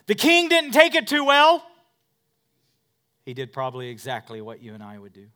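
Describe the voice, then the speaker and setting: Bright-voiced preacher man, loud then hushed. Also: high-pitched, wildly swooping pitch, normal speed. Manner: swings from loud preaching to soft quiet storytelling; self-mocking humor. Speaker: pastor. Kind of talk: sermon.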